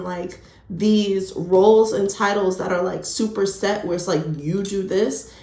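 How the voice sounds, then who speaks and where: A woman giving a casual pick-a-card tarot reading, chatty and full of "like", calling listeners honey. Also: medium pitch. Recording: echoey room.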